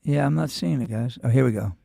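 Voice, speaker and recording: A man's voice: medium pitch, fast, creaky, dark tone, no echo. A male show host with a New York accent, rambling through a profane, casual monologue full of restarts.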